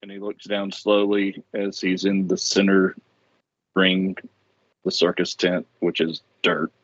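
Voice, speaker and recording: Male player, lower voice, descriptive theatrical narration; dull dry recording. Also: monotone, slow, a bit bright, no echo. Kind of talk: narrating his character in a tabletop game.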